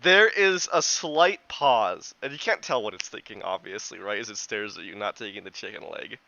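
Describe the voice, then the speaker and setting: A man's voice: lowish voice, normal speed, vocal fry, bright, forceful tone, dry recording. A man narrating a tabletop game as game master, in a loose, chatty way with many restarts. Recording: dull lo-fi, dry.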